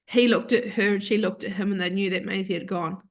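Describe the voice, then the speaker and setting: Female guest, heartfelt storyteller, acts out quotes, goes soft at tender moments. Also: medium pitch, fairly quick. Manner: animated, quotes herself and others in lively voices. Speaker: podcast guest. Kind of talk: emotional personal storytelling.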